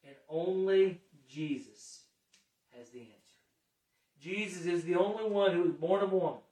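A man preaching a sermon emphatically, swinging from hushed lines to raised ones. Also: sits high, normal speed. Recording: echoey room, mic at a distance.

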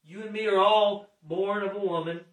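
A man preaching a sermon emphatically, swinging from hushed lines to raised ones. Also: high voice, fairly even intonation, moderate pace. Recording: echoey room, mic at a distance.

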